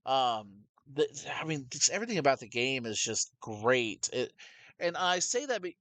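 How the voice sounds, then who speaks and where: A young man chats casually about games, animated and rambling, restarting his sentences as he goes. His voice sits in a middle register. The sound is dry and close. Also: medium pitch, moderate pace, dry recording. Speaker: podcast co-host. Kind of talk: casual gaming chat.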